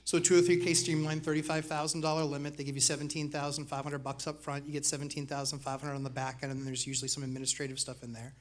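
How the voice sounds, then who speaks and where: A man, a real estate investor, talking casually on a panel with quick jokes and punchy asides. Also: a little high, completely flat delivery. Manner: fast, joking, punchy asides.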